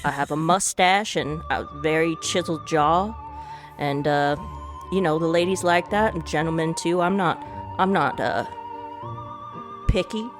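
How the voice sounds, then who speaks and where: A woman voicing a boastful, vain Texan cowboy man in a put-on Southern accent, with her voice lowered into a bragging drawl. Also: a little slow, over music.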